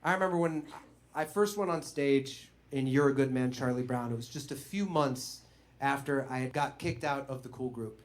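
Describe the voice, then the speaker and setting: Male comedian with a mid-range voice, telling a personal story in a conversational, animated way. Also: medium pitch, moderate pace. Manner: animated, conversational, with bursts of laughter. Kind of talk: stand-up storytelling.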